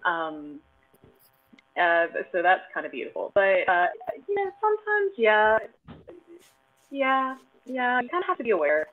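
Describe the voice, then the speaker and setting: A woman's voice: medium pitch, huge pitch swings, unhurried, pauses often. A woman guest in a casual chat, telling self-deprecating stories with lots of giggling. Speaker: cosplay guest. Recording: tinny phone-like line.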